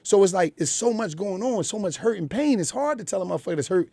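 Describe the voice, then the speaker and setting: Quick and expressive, a high-pitched middle-aged man with a Philly accent spins blunt, profane street stories as a radio guest in the studio. The mellow sound has no echo, and the talk is candid interview fare.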